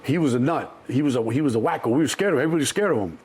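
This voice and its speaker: A man's voice: mid-range voice, rapid-fire, slightly rough. A man in his sixties from Chicago, telling stories from his past in a casual interview, acting out the voices of others with many restarts. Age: 60s. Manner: animated storyteller, acts out quoted voices, many restarts. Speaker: interview guest.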